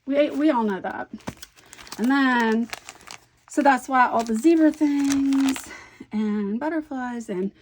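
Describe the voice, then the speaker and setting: A woman in her fifties chatting casually about her craft projects, rambling and animated and laughing easily as she tells a story. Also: high-pitched, slow, pauses often, slight background noise. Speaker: scrapbooking vlogger.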